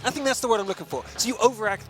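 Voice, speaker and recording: Esports caster, man, light Somerset-American accent, high voice, chatty and rambling, faint music behind. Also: expressive, rapid-fire, fairly bright tone. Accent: light Somerset English with an American tinge. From Somerset, England. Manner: chatty, rambling, searches for words. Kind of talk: casual chat between matches.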